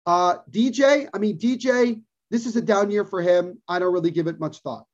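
A man's voice: high-pitched, normal speed. Man ranting emphatically on a lo-fi podcast. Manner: emphatic, repeats points for stress. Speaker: podcast co-host. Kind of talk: casual sports talk, opinionated rant. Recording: dull lo-fi podcast audio.

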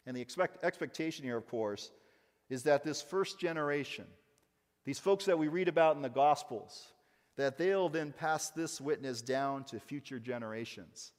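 A male pastor preaching a sermon in a church, emphatic, rising to loud stresses and dropping to quiet asides. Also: a little high, normal speed, in a large hall.

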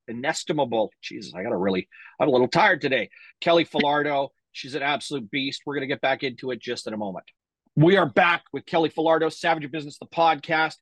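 A man's voice: medium pitch, fairly bright tone, slightly rough, no echo, low-quality recording. A man hosting a podcast interview, casual and emphatic, chiming in with short reactions. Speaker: podcast host.

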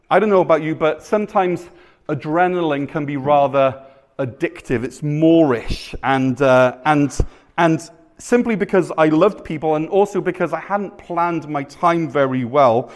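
A male pastor preaching a sermon at a live church service, conversational and self-deprecating, telling stories with animated asides. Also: a little high.

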